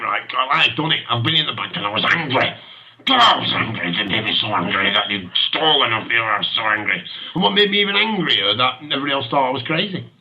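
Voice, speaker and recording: A man's voice: mid-range voice, bright, forceful tone, dull audio. A man hosting an internet radio show, talking with passion, ranting and laughing often. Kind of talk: impassioned talk radio monologue.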